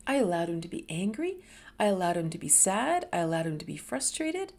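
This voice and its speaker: A woman in her fifties speaks as host of a reflective talk. She tells her own story candidly, letting her voice sink into quiet, low stretches and then lift with emphasis. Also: brisk. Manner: candid and expressive, dropping to soft murmurs and rising with emphasis. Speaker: host sharing a personal story.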